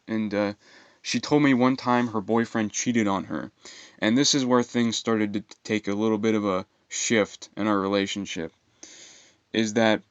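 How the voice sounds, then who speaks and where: A young man telling a rambling personal story in an aggrieved, profane way, halting with fillers. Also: fairly low pitch, clean tone, no room sound, muffled recording. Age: young adult. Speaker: vlogger.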